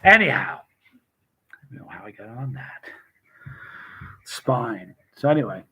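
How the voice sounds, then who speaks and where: A man's voice: on the low side, sing-song, slow, pushed and bright, rough recording. A middle-aged man casually telling rambling personal stories, often restarting his sentences and greeting viewers by name. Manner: rambling, self-interrupting, addresses viewers by name. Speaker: vlogger chatting with live chat.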